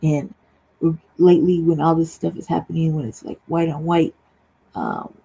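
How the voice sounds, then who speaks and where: A woman's voice: low-pitched, normal speed, creaky, dark tone, breathy edge, poor audio. A woman talking bluntly and profanely on a livestream talk show over a remote call, often checking in with "right?". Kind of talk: casual heated talk. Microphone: remote streaming call.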